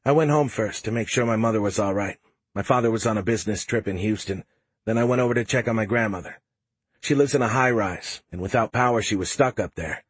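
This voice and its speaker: A man's voice: fairly low pitch, fast talker, breathy edge, no echo. A man reading the part of a tough, frank young woman soldier in an audiobook, with little change from his own voice. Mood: somber. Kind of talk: audiobook character voice.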